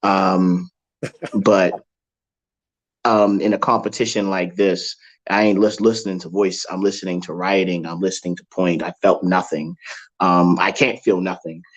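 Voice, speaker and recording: A man's voice: low-pitched, little pitch movement, a little slow, low-quality recording. A man judging a poetry slam, lecturing in an analytical live critique. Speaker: judge.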